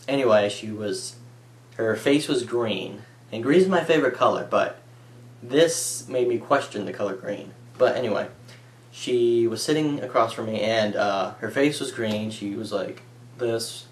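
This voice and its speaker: A man's voice: on the low side, measured pace. A young man casually telling stories to the camera, rambling and saying "like" a lot. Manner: rambling, filler-heavy, says "like" a lot. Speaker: vlogger. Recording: echoey room.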